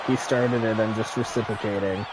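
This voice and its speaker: A man streaming a game, telling stories in a casual, animated way with lots of swearing. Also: lowish voice, fairly quick, very noisy. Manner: animated storytelling, frequent swearing. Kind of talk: casual chat while gaming.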